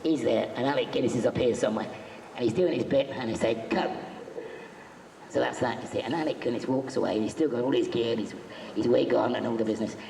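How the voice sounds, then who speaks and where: Talking fast with vocal fry in a mid-range voice, a convention panel guest spins chatty, jokey anecdotes for a live audience and acts out the quoted bits. The hall is echoey, with faint background noise.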